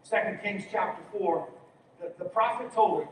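High-voiced male pastor in an echoey hall. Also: normal speed. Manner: exhorting, calls for congregation responses. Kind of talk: sermon. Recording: very echoey hall, distant mic, faint noise.

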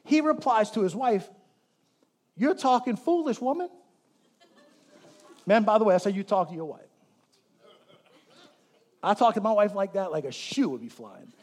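A man preaching a sermon in church, animated and joking, who gets the congregation to repeat words after him. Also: sits high, normal speed, long pauses. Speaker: pastor.

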